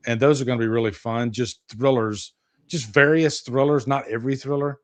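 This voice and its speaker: A man co-hosting a casual horror podcast, chatty and quick to laugh. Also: medium pitch, steady tone. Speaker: podcast co-host. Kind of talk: casual chat.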